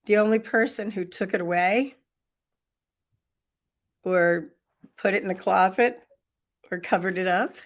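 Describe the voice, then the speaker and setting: A middle-aged woman leading an online workshop, telling a personal story with frequent laughter, on a computer mic. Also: mid-range voice. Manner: warm storytelling, laughs often. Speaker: workshop leader. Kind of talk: live online workshop talk.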